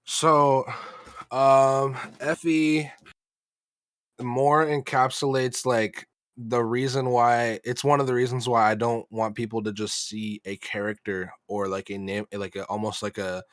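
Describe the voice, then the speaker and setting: A young American rap artist answers interview questions in a medium-pitched monotone, with no echo on the recording. His delivery is halting, full of fillers and restarts.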